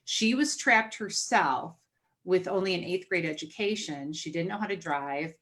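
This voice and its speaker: A woman hosts a podcast and tells a family story in a relaxed, chatty way. She is animated and acts out the voices of the people she quotes. She laughs often as she talks. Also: lowish voice, moderate pace. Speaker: podcast host. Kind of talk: casual storytelling chat.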